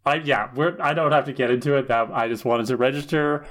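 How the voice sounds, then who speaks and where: A man's voice: medium pitch, a little fast, a bit bright. A man co-hosting a podcast in casual chat, wry and a little hesitant. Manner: wry, hesitant, trails off with "you know". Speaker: podcast co-host.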